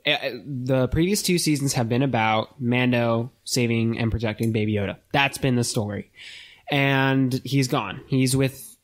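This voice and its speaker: A man's voice: mid-range voice, a little slow. A man co-hosts a casual podcast, musing through his opinions at an easy pace. His voice is mid-range. He leans on small fillers as he thinks. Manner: relaxed, thinks aloud with fillers. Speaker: podcast co-host.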